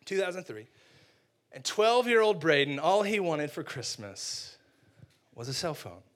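Young guy preaching, bright voice, jokey storytelling, gets loud and dramatic. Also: on the high side, a little slow. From United States. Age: 20s. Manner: animated, comedic, with exaggerated outbursts. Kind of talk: sermon storytelling.

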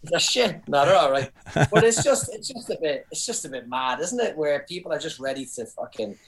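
A middle-aged Irish comedian in casual podcast chat, telling stories animatedly with swearing and indignant asides. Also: male voice, a little high, animated, fairly quick, a little hiss or hum. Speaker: comedian guest.

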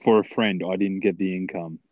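A man's voice: deep voice, fairly even intonation, fairly quick, no echo. An Australian man joking around as podcast co-host in casual banter. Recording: dull lo-fi sound with faint noise.

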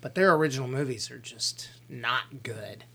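A man with a mid-range, everyday voice co-hosts a movie review podcast. He drops blunt, opinionated sidebars in a relaxed, conversational way. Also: medium pitch, moderate pace, husky. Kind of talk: casual podcast chat.

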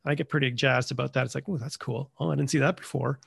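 A man's voice: medium pitch, steady tone, quick pace, vocal fry, a bit bright, husky, dry recording, clean studio sound. A man hosting a podcast, chatting casually and joking, often acting out imagined dialogue in quoted asides. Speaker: podcast host.

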